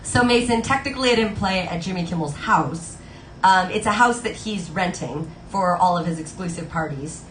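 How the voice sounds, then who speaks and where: A woman's voice: lowish voice, moderate pace. A woman live-streaming at the piano, chatting casually and gushing to her viewers between songs. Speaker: live-stream pianist and singer. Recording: roomy sound with loud piano.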